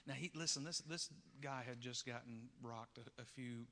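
A man pastor preaching a sermon, telling a story with acted-out voices and building to loud peaks. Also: mid-range voice, normal speed. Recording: long reverb of a large hall.

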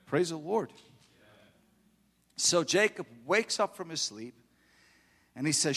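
A middle-aged man preaching a fervent sermon in church, building to loud exhortation. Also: on the high side, lively intonation, unhurried, pauses often, in a large hall.

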